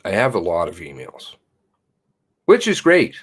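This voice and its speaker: Deep, husky, and unhurried, this man hosts a live stream, his pitch swinging widely. He chats in a rambling way, reading out viewer comments and emails amid casual, blunt cursing.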